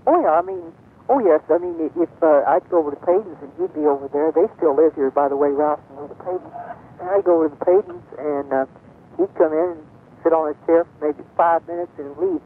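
An older woman, a guest on a radio show, telling a rambling story with many pauses and fillers. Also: low-pitched, slight background noise. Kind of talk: reminiscing on a call-in radio show. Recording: tinny phone-line sound.

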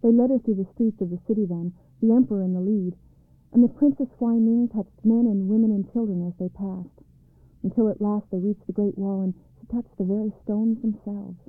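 Woman calmly reading a storybook. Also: medium pitch, a little fast, dry recording. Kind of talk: storybook narration. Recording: dry, tinny phone-like sound.

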